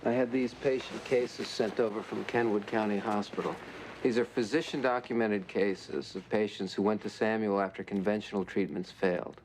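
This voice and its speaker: A calm male federal agent played by a man lays things out plainly. His voice sits a little low, with faint hiss behind. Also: moderate pace, lightly acted, low-quality recording. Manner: calm, matter-of-fact.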